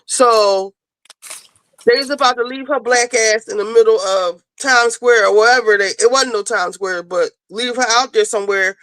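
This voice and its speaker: A woman's voice: on the high side, moderate pace, a bit bright, dry recording, low-quality recording. A woman hosting a casual talk show, rambling as she retells a TV episode and acts out the characters' lines. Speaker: podcast host.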